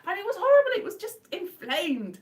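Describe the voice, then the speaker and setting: A woman's voice: fairly quick, recorded from a distance. A woman chatting casually on a live stream, telling rambling stories with lots of restarts and self-corrections. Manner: animated, jumps into high-pitched acted exclamations.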